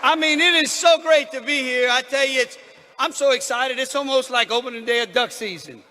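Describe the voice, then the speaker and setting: Politician guy hyping up a rally crowd, high bright voice, hall echo. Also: slight background noise. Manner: loud and rousing, pausing between phrases.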